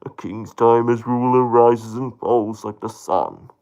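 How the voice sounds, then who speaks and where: A man doing an impression of a wise, regal lion king who speaks solemnly and slowly. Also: mid-range voice, steady tone, a little mellow, lightly acted. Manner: solemn, measured.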